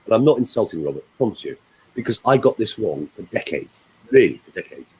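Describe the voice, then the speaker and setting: A man who works as a voice coach, telling stories and giving advice in a lively, expressive way. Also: fairly low pitch, fairly quick, slightly rough, low-quality recording. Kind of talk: animated storytelling and coaching talk.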